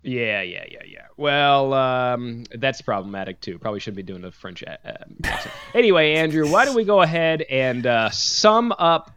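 A man's voice: medium pitch, animated, moderate pace, few pauses, fairly bright tone, clean tone, no room sound. Male podcast co-host, wry and sarcastic, rambling with fillers; dry, slightly dull lo-fi sound. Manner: joking, sarcastic, lots of fillers and restarts. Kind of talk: casual chat.

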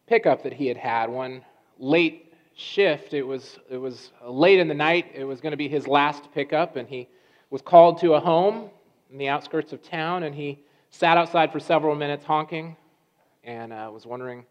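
A man preaching a sermon, telling a story in a conversational way with restarts and pauses. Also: medium pitch. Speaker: pastor. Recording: dull lo-fi sound.

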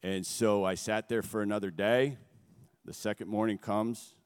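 Low, smooth-voiced man in an echoing hall. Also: steady tone. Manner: earnest, halting, emotional storytelling. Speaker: guest speaker. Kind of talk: personal testimony. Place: on a stage before a gathering. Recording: long echo of a large hall.

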